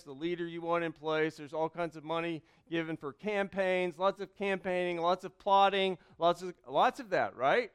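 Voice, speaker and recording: A man preaches a sermon, reading scripture slowly and stressing key words. His voice sits high and stays smooth and resonant. He drops to quiet asides, then comes back loud. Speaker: pastor.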